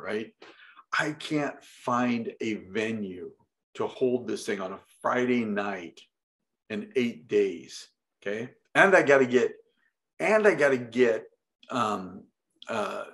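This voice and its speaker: A man's voice: mid-range voice, a bit bright. A middle-aged man talking casually as an interview guest, rambling with lots of fillers and restarts and the odd swear word. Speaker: podcast guest.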